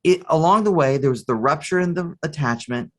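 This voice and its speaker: A man's voice: on the high side, a little fast. A man, a therapist guest on a podcast, explaining with a story and clinical terms. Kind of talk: podcast interview.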